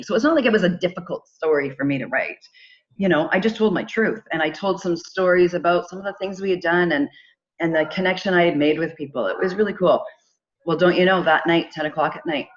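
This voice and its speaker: A middle-aged woman, a podcast guest telling her own story in a casual, animated way and acting out the conversations she retells. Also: low-pitched, lo-fi sound. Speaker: podcast guest, charity founder.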